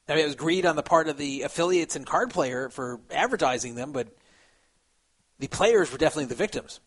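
A man giving casual commentary on social media posts, animated and laughing at his own remarks. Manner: animated, acts out quoted voices with sudden pitch jumps. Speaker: poker commentator.

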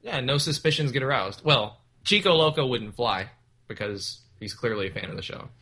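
A man's voice: mid-range voice, animated, normal speed, background noise. A man sitting in as guest co-host in casual chat, dry and teasing.

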